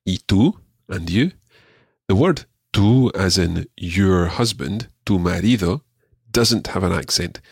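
Man, deep voice, slightly husky, patient teacher, encouraging, dry close sound. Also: animated, no room sound. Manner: patient, encouraging, repeats words slowly. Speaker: language teacher. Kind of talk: radio language lesson.

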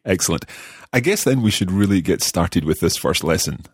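A man hosting a podcast language lesson, guiding it in a friendly, measured way as he learns along. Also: low-pitched, lively intonation, husky, no echo, studio quality. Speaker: language course host and learner.

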